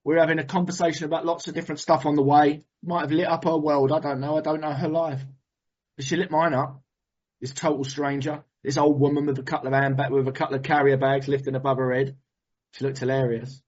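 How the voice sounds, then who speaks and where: A husky-voiced man shares his recovery story with animated, emotional storytelling and the odd swear word. The recording sounds muffled and lo-fi, as if captured on modest gear. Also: on the high side, quick pace. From England. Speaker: recovery meeting speaker.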